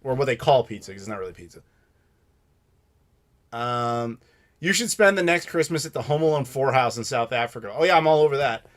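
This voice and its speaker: A man's voice: mid-range voice, lively intonation, brisk, pauses often. American guy in his 30s on a live stream q&a, opinionated, rants and swears casually. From United States. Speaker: channel host answering live questions.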